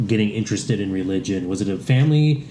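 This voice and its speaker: A man's voice: lowish voice, expressive, fast, warm tone, a little hiss or hum. A man co-hosting a podcast, chatting loosely and asking his guest questions. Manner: loose, swearing, asks questions. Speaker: podcast co-host. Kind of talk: casual chat.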